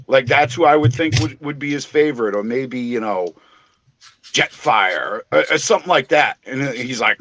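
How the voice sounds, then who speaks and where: A man's voice: mid-range voice, normal speed. A man with a New England accent hosting a casual livestream chat, swearing freely and joking with his co-hosts. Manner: profane, joking, animated.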